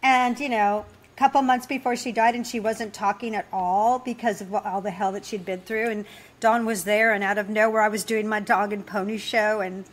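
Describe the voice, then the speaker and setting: A woman's voice: medium pitch, steady tone, moderate pace. A woman co-hosting a podcast, telling a story in a rambling, conversational way, full of restarts and "you know.". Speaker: podcast co-host. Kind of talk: casual conversational interview.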